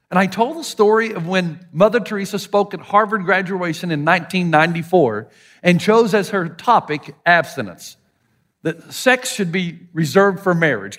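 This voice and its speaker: A middle-aged man with an American Southern accent preaching a sermon, telling stories and acting out the people he quotes. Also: sits high. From Southern United States. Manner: animated storytelling, voicing quoted people. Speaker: pastor.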